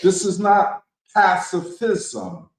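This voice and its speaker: A man's voice: high-pitched, little pitch movement, slow. A man leading a political discussion, speaking emphatically and preacherly, throwing out rhetorical questions. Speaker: discussion leader. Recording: echoey room.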